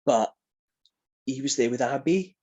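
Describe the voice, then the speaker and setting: A man from South Wales with a Welsh accent, a wrestler telling animated stories in a casual interview and laughing often. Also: mid-range voice, measured pace, muffled recording. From Newport, South Wales. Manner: animated, chatty, laughs often, keeps asking "do you know what I mean". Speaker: professional wrestler guest.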